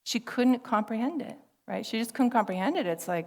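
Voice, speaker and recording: A woman's voice: on the high side, expressive, a little fast, hardly any pauses. A woman minister giving a sermon in a conversational, storytelling way, quoting others as she tells her story. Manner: conversational, warm storytelling with laughter and quoted dialogue. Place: church service hall. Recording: long reverb of a large hall.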